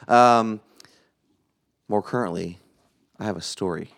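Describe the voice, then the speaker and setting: A young adult man co-hosting a podcast, chatting casually and telling an animated anecdote, acting out quoted lines. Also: on the low side, slow, gravelly. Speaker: podcast co-host. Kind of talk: casual chat, storytelling.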